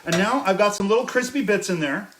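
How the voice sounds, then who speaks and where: A man's voice: sits high, fast talker, echoey room, noisy background. A man hosting a casual live cooking demo in his kitchen, chatting with viewers and often checking in with "okay?". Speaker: chef hosting a cooking stream. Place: home kitchen.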